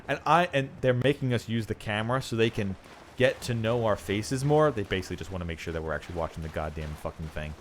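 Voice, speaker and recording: A man's voice: medium pitch, slight background noise. A man streaming a game live, chatting casually and ranting with lots of swearing and laughter. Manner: rambling, profane ranting with frequent laughs.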